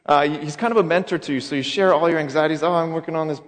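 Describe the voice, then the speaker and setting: A man preaching a sermon as pastor, conversational, with sudden drops to a hush and bursts of emphasis. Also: a little high, quick pace. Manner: conversational, dramatic swings in loudness. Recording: echoey hall.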